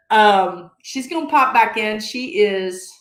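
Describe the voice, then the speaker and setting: A woman's voice: mid-range voice, animated, slow pace, a bit bright, reverberant. A woman hosting a casual live-stream chat over a video call, full of teasing banter and jokes.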